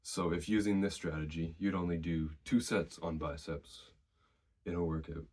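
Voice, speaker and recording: A man with a very deep voice talks through his training routine in a relaxed, conversational way. He is still slightly out of breath and draws on his own experience. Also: moderate pace, slightly rough. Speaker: fitness vlogger. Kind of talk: casual advice to camera.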